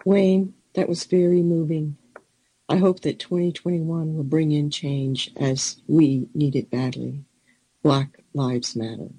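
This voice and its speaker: A man hosting an event, introducing a performer and thanking him in earnest, measured remarks. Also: a little high, fairly even intonation, mellow, breathy edge, no echo, poor audio. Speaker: event host.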